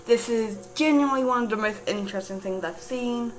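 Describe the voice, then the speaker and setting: A woman putting on a posh cheerful demon gentleman. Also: a little high, a little fast, slight background noise, lightly acted, rough recording. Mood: polite, cheerful. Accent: British. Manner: polite, formal, upper-class phrasing.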